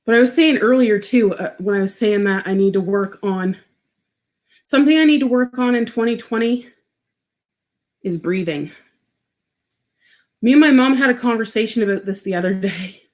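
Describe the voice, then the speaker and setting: A livestream host chats casually and reads comments, speaking frankly with many restarts, nervous laughs and swearing. Her mid-range voice is a little mellow, at normal speed with long pauses.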